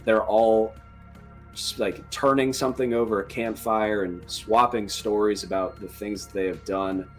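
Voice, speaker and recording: A man narrating as dungeon master in a joking, relaxed manner. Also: lowish voice, a little slow, faint music behind. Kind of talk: narrating a tabletop game.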